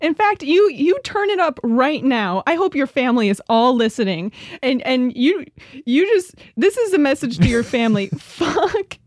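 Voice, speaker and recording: Female co-host, high voice, giggly, dry close mic. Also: very animated, normal speed, hardly any pauses, no echo. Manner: giggly, playful. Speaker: podcast co-host. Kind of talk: casual podcast chat.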